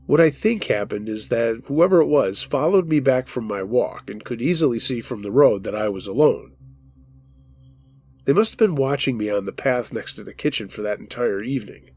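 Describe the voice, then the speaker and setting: A man hosting a horror podcast, reading a listener's true scary story aloud in the first person with steady, measured narration. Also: mid-range voice, slightly rough, faint music behind. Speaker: storytelling host.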